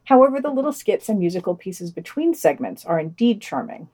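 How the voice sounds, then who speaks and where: A woman's voice: medium pitch, sing-song, brisk, mellow, recorded from a distance. A woman co-hosting a podcast, giving wry reviews and thinking aloud in a hesitant, restarting way. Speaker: podcast co-host. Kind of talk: podcast reviews and casual discussion.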